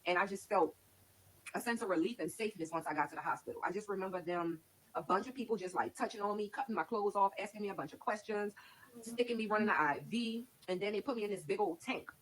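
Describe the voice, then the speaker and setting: A woman's voice: mid-range voice, fast talker, fairly bright tone, a little hiss or hum, low-quality recording. A woman casually telling her own life story to her stream viewers, candid and rambling, with lots of "like". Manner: candid, rambling, heavy use of "like". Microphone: streaming setup.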